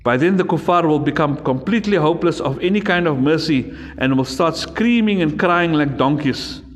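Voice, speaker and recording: South African man, teacher, emphatic, repeats himself, fairly high voice, echoey classroom. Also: lively intonation, normal speed. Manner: emphatic, repetitive, addresses pupils directly. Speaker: religious studies teacher. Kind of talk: classroom lesson to children. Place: school classroom.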